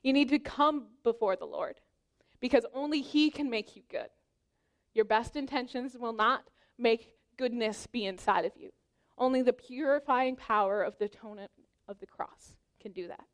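Young woman preacher, slightly high voice, earnest and exhorting, sermon delivery. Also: expressive, moderate pace. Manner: earnest, exhorting, personal anecdotes. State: pregnant.

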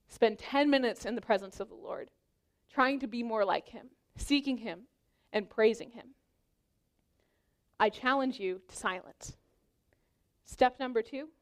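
A young pregnant woman preaching an earnest, exhorting sermon that mixes scripture with personal stories. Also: on the high side.

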